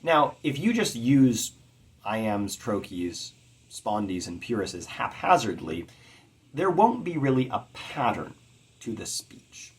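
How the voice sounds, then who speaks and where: A man teaching poetic meter in a measured explanatory lecture, chanting rhythms to demonstrate them. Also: mid-range voice, very animated. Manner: measured, with occasional fillers. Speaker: poetry teacher.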